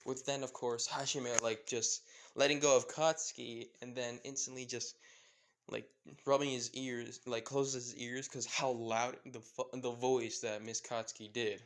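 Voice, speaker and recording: A man's voice: mid-range voice, level tone, measured pace, a bit bright. A young man improvising a fan story narration, rambling and fumbling over names with lots of fillers.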